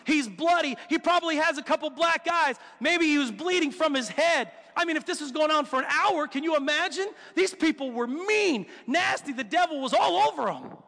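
A man preaching a sermon, telling the story with animated, acted-out quotes and rhetorical questions. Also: very high-pitched. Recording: long hall reverb.

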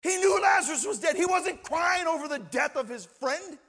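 A man preaching a sermon as pastor, impassioned, moving between shouted lines and hushed, quiet passages. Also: very high-pitched, animated, normal speed.

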